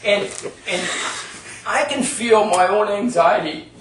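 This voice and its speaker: The speaker is a man leading a workshop, his voice high-pitched, slow and fairly bright. Recorded from a distance and off-mic in an echoey retreat meeting room with a little hiss or hum, he chats through a story for a live audience, regularly checking in with "right?"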